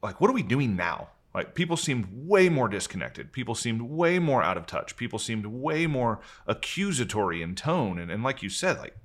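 A man who leads a company and hosts a podcast tells a long story candidly and earnestly on a video call. His mid-range voice is sing-song and fairly bright, and he often restarts his sentences while speeding up and slowing down.

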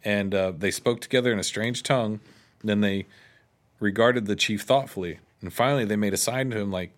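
A man's voice: medium pitch, fairly quick. A man co-hosting a casual chat, retelling an old legend with quoted lines and offhand asides. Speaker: podcast co-host.

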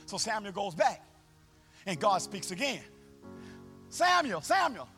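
A man pastor preaching a sermon live in a church, with a call-and-response, sing-song delivery that swells into shouts, and folksy, colloquial phrasing. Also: high voice, animated, normal speed, soft background music. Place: church sanctuary, live service.

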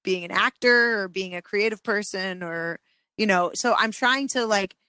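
A woman co-hosting a podcast in casual chat, self-deprecating and quick to laugh. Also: medium pitch, bright, forceful tone, smooth, no echo. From from an Irish Catholic family. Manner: self-deprecating, laughs often, chatty with fillers.

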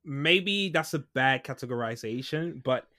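Measured man co-hosting a podcast. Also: mid-range voice, animated, pushed and bright. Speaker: podcast co-host. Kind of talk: casual chat.

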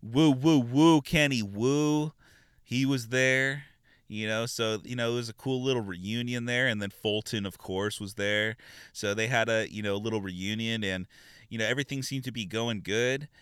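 Brief: low-voiced male podcaster, loose and chatty, dry room. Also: steady tone, normal speed, fairly bright tone, clean tone, dry recording. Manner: rambling, filler-heavy, informal. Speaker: podcast host. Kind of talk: casual recap and review.

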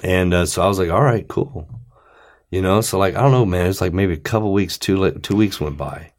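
A man with a very deep voice tells a story in loose, casual conversation. He rambles and acts out both sides of each exchange he recounts. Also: fast talker. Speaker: former client telling his story.

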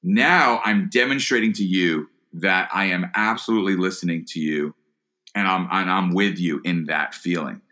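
Bright-voiced man explaining people skills. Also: deep voice, normal speed. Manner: earnest, repeats words when starting phrases. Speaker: guest, entrepreneur and author. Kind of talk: podcast interview answer.

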